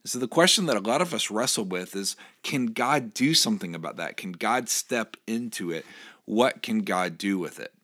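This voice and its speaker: A man's voice: lowish voice, animated, moderate pace, sharp tone. A male pastor giving a short, earnest devotional sermon, reading scripture aloud and encouraging his listeners.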